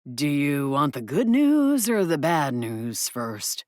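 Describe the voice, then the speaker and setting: Woman reading a calm, measured man. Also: deep voice, no echo, studio quality, heavily acted. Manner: slow, measured. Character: male friend, calm and steady.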